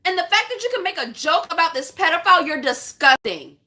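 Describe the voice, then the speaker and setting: A woman with a high voice and a bright, forceful tone delivers a vlog rant to her viewers. She talks bluntly and with passion and swears freely. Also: expressive, fairly quick. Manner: impassioned, blunt, profane. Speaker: vlogger. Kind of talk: casual vlog rant to camera.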